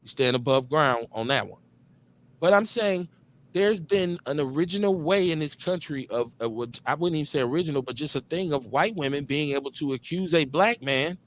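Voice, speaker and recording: A man's voice: fairly high pitch, animated, moderate pace. A man hosting a live talk show, joking, streetwise and profane in casual banter. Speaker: host.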